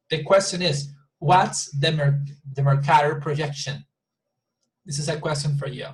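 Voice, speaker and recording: A man's voice: on the high side, poor audio. A male English teacher, patiently explaining homework in an online class and often repeating words.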